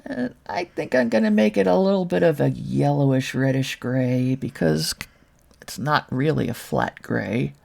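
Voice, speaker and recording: A woman's voice: deep voice, vocal fry, darkish tone. A woman from Brooklyn giving a casual screen-share tutorial on 3D modeling, thinking aloud with wry, self-mocking asides. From Brooklyn, New York.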